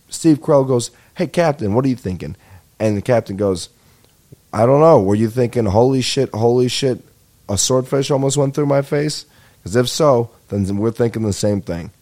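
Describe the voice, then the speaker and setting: Rambling, profane young man, low and mellow. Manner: rambling, profane, self-deprecating storytelling. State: a little tired. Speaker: podcast host. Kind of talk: casual comedic monologue.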